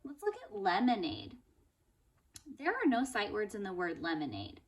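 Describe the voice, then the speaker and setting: A woman first-grade teacher giving an upbeat, encouraging phonics lesson, stretching out words slowly to clap their syllables. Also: mid-range voice, wildly swooping pitch, far from the mic. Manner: slow, drawn-out word modelling, clapping out syllables. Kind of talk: recorded phonics lesson for young pupils. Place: indoors at home. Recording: voice a bit off-mic.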